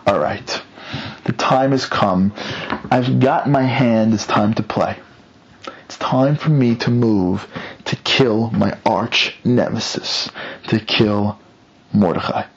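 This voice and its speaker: Guy doing a smug scheming villain voice, low and gloating, kinda muffled. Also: very animated, normal speed. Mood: menacing. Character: scheming boastful male villain, gleeful and arrogant.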